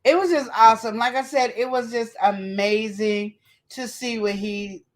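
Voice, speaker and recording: A woman co-hosting a relationship talk show, telling stories in a lively way and acting out quotes and sound effects. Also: on the high side, normal speed. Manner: animated storytelling, acts out quotes and sound effects. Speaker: podcast co-host. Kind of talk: casual chat.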